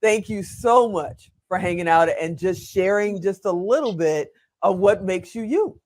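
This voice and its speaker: A man's voice: sits high, animated, a little slow. An older man hosting an interview show, chatty, frank and enthusiastic. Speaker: host.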